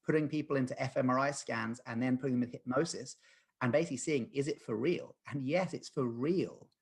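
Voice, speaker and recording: A man's voice: medium pitch, a little fast, breathy edge. A man in his thirties, a guest who practises lucid dreaming, retelling a dream in a podcast conversation in an earnest, rambling way with many fillers and restarts. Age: 30s.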